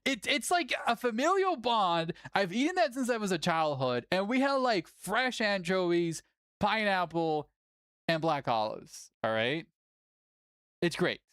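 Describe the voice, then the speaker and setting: A tournament host chatting casually on a livestream, animated, laughing often and swearing casually. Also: mid-range voice, measured pace, no echo, clean studio sound.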